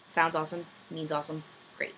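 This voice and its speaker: A woman's voice: low voice, flat delivery, brisk, sharp tone, a little hiss or hum, rough recording. A young woman vlogger answering viewer questions in casual chat, rambling and self-deprecating, with many ums. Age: young adult. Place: room at home, backlit.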